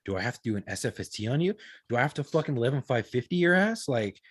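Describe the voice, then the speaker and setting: Profane storytelling man, husky voice. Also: medium pitch, fast talker, no room sound. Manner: profane, animated retelling with quoted dialogue. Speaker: podcast co-host. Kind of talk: casual podcast storytelling. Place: podcast studio.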